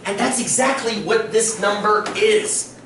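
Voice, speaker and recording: A man's voice: high voice, unhurried, a little hiss or hum. A man teaching a statistics class, lecturing and quizzing his students. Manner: lively, quizzing students often. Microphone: distant room recording. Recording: echoey classroom from a distance.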